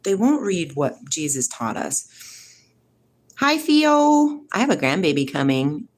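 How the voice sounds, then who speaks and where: A middle-aged woman hosting a live stream, chatting casually with viewers and asking rapid, rambling questions. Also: on the low side, sing-song. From United States. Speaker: livestream host. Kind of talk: casual live chat answering viewer comments.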